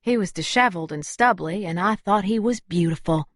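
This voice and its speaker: A woman's voice: fairly low pitch, fairly quick, no room sound, studio quality. A woman narrating a first-person audiobook in a wry, conversational way.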